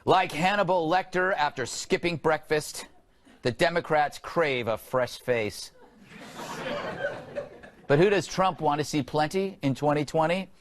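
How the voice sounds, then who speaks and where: A man's voice: a little high, slight background noise. A male talk show host delivering a comedic monologue and joking banter in a TV studio. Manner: quick, jokey, playful. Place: TV studio with live audience.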